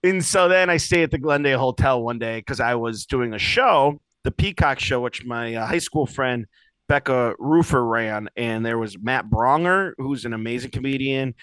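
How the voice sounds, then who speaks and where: A young man telling rambling, animated stories in casual podcast chat, swearing freely. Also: medium pitch, normal speed, smooth, dry recording, poor audio. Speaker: podcast co-host.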